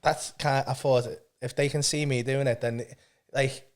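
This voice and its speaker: A man's voice: medium pitch, fairly even intonation, normal speed. A man, a comedian guest, telling jokey self-deprecating stories in casual chat.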